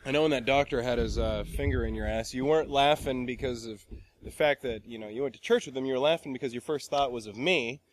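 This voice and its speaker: A man's voice: medium pitch, quick pace, a little hiss or hum. A young man co-hosting a casual podcast, trading crude, teasing jokes. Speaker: podcast co-host. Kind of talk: casual chat, teasing banter.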